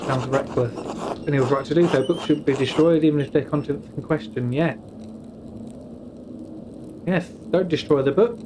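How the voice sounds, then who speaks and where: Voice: medium pitch, normal speed, pauses often, noisy background. Wry British streamer with casual asides. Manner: casual, wry asides, stumbles over names. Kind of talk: playing a story game and reading its dialogue aloud, with chatty asides.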